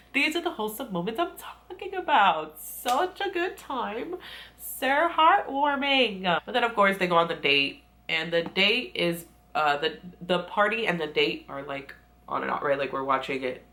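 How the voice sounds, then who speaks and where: A chatty young woman with a slightly low voice, recapping a series to the camera. She giggles a lot and slips into quick voices to act out what the characters say. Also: animated, bright, forceful tone. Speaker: TV recap vlogger. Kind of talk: casual recap chat.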